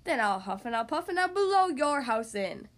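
A woman's voice: sits high, big pitch swings, moderate pace. A woman voicing a blustering, sly big bad wolf in a storybook read-aloud, roaring his threats. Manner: roaring threats, fake-sweet when disguised.

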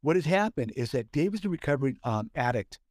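Man co-hosting a podcast, halting delivery. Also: mid-range voice, big pitch swings, dry recording, studio quality. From Southern California. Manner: halting, many fillers and restarts. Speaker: podcast co-host. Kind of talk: casual chat.

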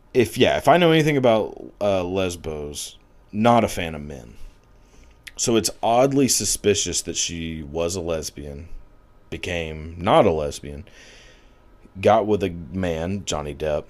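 A man giving casual, profane commentary, rambling with lots of filler words and crude jokes. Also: sits low.

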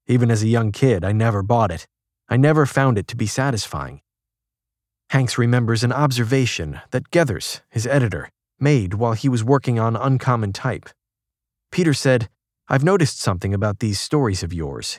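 A man narrating a magazine feature in a measured, even reading, shifting his tone a little for quoted lines. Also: mid-range voice, dry recording, studio quality. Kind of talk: scripted narration.

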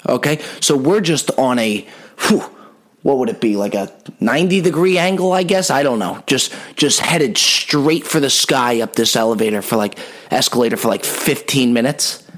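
A man's voice: mid-range voice, normal speed. A man hosting a podcast, telling a comic story with lots of energy and plenty of swearing. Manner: animated, profane storytelling. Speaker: podcast host. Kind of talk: comedic storytelling.

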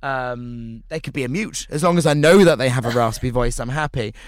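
A man who performs cabaret and drag, talking in a casual podcast chat, animated and full of quoted voices. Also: medium pitch, a little fast.

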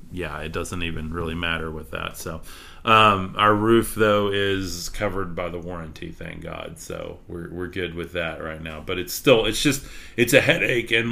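Here a deep-voiced Texan man with a sharp tone runs a podcast livestream. He rambles candidly in casual chat, filling gaps with plenty of fillers.

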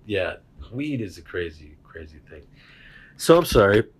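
Hosting a casual chat, this man speaks at a fairly low pitch and a moderate pace, with a breathy edge. He tells a story full of laughter, animated and acting out the voices of its characters.

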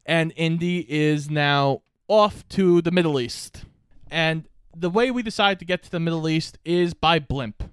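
A man co-hosting a podcast, casually recapping a movie's plot and tossing in quick quoted lines. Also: on the high side, clean tone, no room sound, studio quality. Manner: recaps plot, quoting lines in offhand voices. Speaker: podcast co-host.

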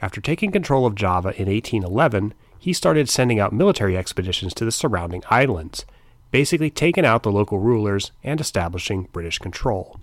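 A man's voice: lowish voice, very animated, quick pace, dry recording. A middle-aged man hosting a history podcast, narrating in a scripted but informal storytelling tone with wry asides.

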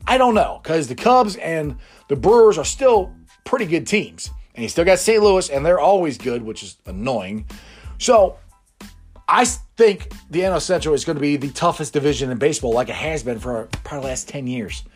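Sports show guy rambling on, slightly high voice that jumps all over, laughs a lot. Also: lively intonation, normal speed, breathy edge, soft background music. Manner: rambling and chatty, laughs often. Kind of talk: casual sports talk.

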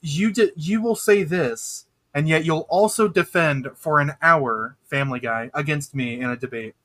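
A man's voice: a little high, normal speed, a bit bright, no echo. A man co-hosting a podcast, making teasing jokes at his friends. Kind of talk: casual podcast chat.

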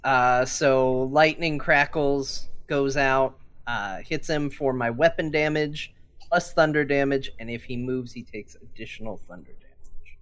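A young man playing a tabletop role-playing game, deliberately explaining his character's moves. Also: mid-range voice, fairly bright tone, clean tone. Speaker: player.

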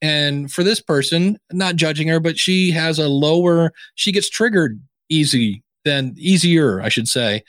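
A man's voice: on the high side, a little slow, dry recording. A man speaking as a podcasting guest and author in a casual interview, telling stories and acting out the other voices in his anecdotes. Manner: animated storyteller acting out quoted exchanges.

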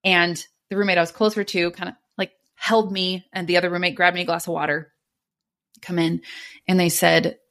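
A young adult woman, a podcast guest, retelling a personal story in an animated way and acting out the dialogue. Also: fairly low pitch, brisk.

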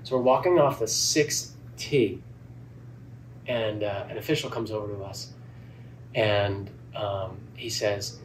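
A man, a golf club head pro, telling a lively story in a podcast interview and acting out the dialogue. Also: lowish voice, slow pace. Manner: animated, acts out quoted dialogue. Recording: distant mic with faint background noise.

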